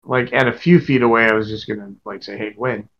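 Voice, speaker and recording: A man's voice: medium pitch, steady tone, quick pace, muffled recording. A man in a mid-range voice plays a tabletop role-playing game in casual chat. He is wry and talks through each move he makes. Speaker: player.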